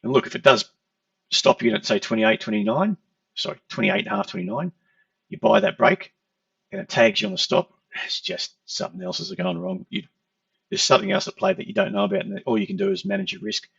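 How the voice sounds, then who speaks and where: A man leads a conversational lesson on trading charts, explaining and repeatedly asking "okay." He speaks a little fast in a high, creaky, fairly bright voice. There's no echo, yet the lo-fi recording sounds dull and far from the microphone.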